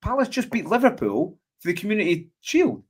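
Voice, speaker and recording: A Scottish man hosting a casual football chat, talking in an animated way and often asking "do you know what I mean". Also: high voice, fairly quick, breathy edge. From Scotland. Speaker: podcast host.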